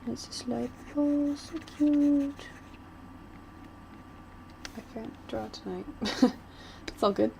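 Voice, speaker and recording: A woman's voice: on the high side, takes it slowly, gravelly, long pauses, dark tone, a little hiss or hum, low-quality recording. A woman vlogger chatting casually while she doodles, rambling and giggling like a gushing fan.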